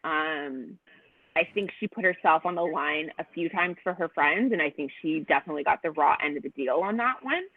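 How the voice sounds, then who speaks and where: A woman's voice: deep voice, a little fast. A woman guest talking casually on a podcast, telling her story with lots of fillers. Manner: animated storyteller, many fillers. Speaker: guest contestant. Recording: tinny phone-like audio.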